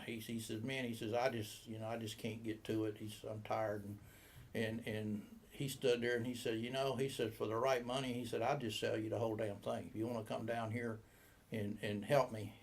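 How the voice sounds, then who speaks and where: A man's voice: on the low side, creaky. A man in his seventies who owns a boat shop, telling a long, rambling story in an interview and acting out the dialogue. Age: 70s. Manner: rambling anecdotal, acts out quoted dialogue.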